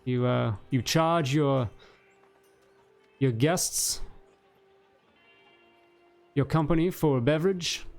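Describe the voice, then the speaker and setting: A haughty, sneering gunman, which a game master puts on. His questions mock, with a sarcastic lilt and a middle pitch. Soft music plays behind. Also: slow pace, gravelly, long pauses.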